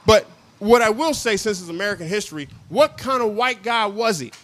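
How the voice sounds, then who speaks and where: A young male comedian talks through his set in a fairly high voice. He rambles in a loose, self-mocking way and laughs at his own jokes. He often sinks into quiet, confiding asides. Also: animated, fairly quick. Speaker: stand-up comedian.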